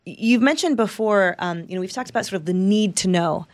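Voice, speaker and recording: Female interview host, halting and full of restarts, recorded dry and close. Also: mid-range voice, darkish tone, no echo.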